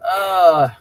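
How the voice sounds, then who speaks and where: A man's voice: on the high side, dry recording, poor audio. A middle-aged man hosting a casual chat, rambling and opinionated, often restarting his sentences and stumbling over words. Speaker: host chatting with viewers.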